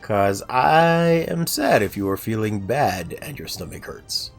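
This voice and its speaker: Chatty man with a lively voice. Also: fairly low pitch, measured pace, vocal fry, faint music behind. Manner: chatty, self-deprecating, answers viewer chat. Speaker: game streamer. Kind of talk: casual livestream chat.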